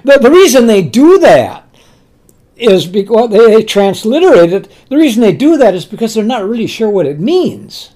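A man preaching a sermon, telling scripture stories slowly and emphatically, often repeating his words. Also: sits high, very animated, dark tone. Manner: earnest storytelling, slow and emphatic, with repeated words.

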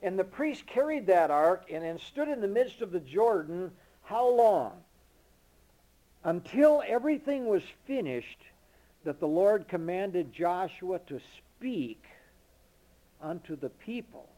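A man preaching a sermon at an unhurried, deliberate pace. His voice is mellow and warm, and his pitch moves in lively swings. He reads scripture aloud slowly, with heavy emphasis. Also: low-quality recording. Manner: emphatic, swinging from loud declarations to low murmurs.

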